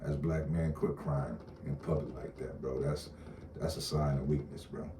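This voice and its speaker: Blunt, profane man ranting, deep voice. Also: fairly even intonation, moderate pace, creaky, background noise. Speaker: online commentator. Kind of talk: casual rant to camera. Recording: roomy echo, distant mic, faint ambience.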